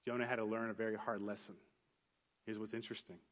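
A pastor with a lowish voice preaches quickly, telling a personal story. Earnest and conversational, he restarts frequently before building to an animated retelling in which he acts out different voices.

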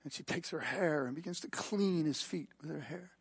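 A man's voice: on the high side, moderate pace, gravelly, breathy edge. A man preaching a sermon, emphatic and questioning, retelling a gospel story. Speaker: pastor.

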